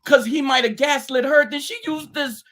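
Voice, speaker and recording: A man's voice: extremely high pitch, moderate pace, bright, forceful tone. A man joining a podcast by remote link as a guest, teasing the hosts with provocative takes. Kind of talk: casual chat. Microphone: remote call link.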